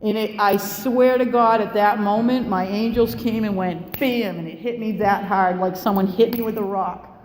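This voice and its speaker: A candid New woman at a recovery meeting tells a personal story to a live audience in a mid-range, darkish voice at a moderate pace with fairly even intonation. She is blunt and profane, laughing between lines. The echoey hall adds long reverb and a faint room hum.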